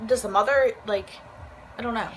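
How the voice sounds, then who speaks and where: A woman's voice: fairly high pitch, moderate pace, a little hiss or hum. A young woman co-host chatting bluntly, incredulous and profane. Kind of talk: casual chat.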